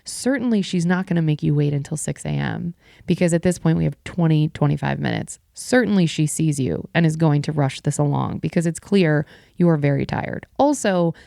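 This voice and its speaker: A woman's voice: sits low, brisk, vocal fry, mellow, no room sound, studio quality. A woman hosting a podcast solo, telling an exasperated, sardonic story as a rant. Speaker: podcast host.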